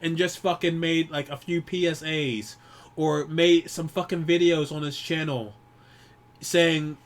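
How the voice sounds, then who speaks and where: A man's voice: on the high side, fairly even intonation, a little slow. Grieving, profane young-sounding man. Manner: profane, rambling, frequent restarts. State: grieving, holding back tears. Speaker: YouTuber. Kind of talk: personal vlog monologue.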